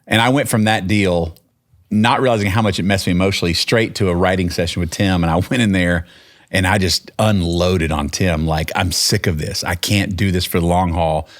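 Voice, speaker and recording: A low-pitched man with a Texan accent tells a story in relaxed podcast chat. He wanders, restarts sentences and slips into quoting people as he goes. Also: normal speed. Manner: rambling, with many restarts and quoted dialogue. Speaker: podcast guest, singer-songwriter. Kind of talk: casual storytelling.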